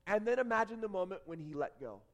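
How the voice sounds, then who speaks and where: A man preaching a sermon, telling a story dramatically, dropping to a hush and rising to shouts. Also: high-pitched, lively intonation, fast talker. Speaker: pastor.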